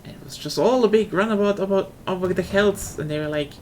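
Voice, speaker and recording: A woman's voice: medium pitch, fast talker, mellow, a little hiss or hum. A young woman with a German accent, chatting casually and rambling on a live stream, swearing now and then.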